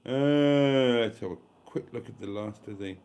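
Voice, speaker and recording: Weary man, slow and emotional. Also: mid-range voice, darkish tone. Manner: slow, rambling, emotional, thanking viewers. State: tired and a little tipsy. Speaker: YouTube vlogger hosting a live stream. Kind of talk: casual late-night live stream chat.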